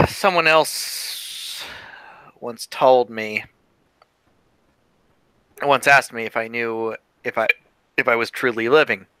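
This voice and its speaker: A man voicing a tired, thoughtful cop in a tabletop role-play, with a bright, clear and smooth voice. He speaks haltingly and pauses often. The sound is dry, close and has no room echo. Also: mid-range voice, fairly even intonation. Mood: musing. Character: male police detective, weary and reflective. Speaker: tabletop game player.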